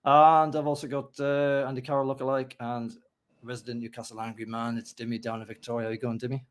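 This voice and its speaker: A man's voice: medium pitch, level tone, fast talker. A man hosting a casual podcast, joking and swearing freely with plenty of fillers. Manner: chatty, joking, profane, many fillers. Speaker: podcast host.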